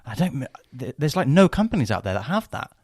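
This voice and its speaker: A man's voice: mid-range voice, very animated, quick pace, darkish tone, slightly rough, no echo, studio quality. A man co-hosting a podcast, teasing and playful in casual chat. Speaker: podcast co-host.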